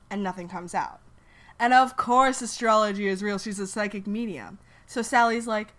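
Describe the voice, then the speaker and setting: A woman's voice: mid-range voice, a little fast, a bit bright. A woman co-hosting a podcast, telling a rambling story in a giggly, casual way full of fillers. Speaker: podcast co-host.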